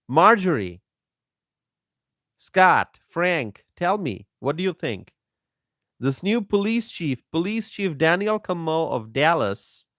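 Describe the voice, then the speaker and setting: Male live-stream commentator, deliberate and emphatic, dry close sound. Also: fairly high pitch, a bit bright, no echo. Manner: slow, emphatic, repeats himself, greets viewers by name.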